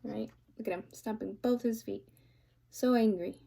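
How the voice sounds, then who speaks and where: A woman reading a picture book aloud, pausing to ask the listener questions. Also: fairly high pitch, steady tone, creaky, mellow, breathy edge. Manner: asks the listener questions, playful. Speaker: reader.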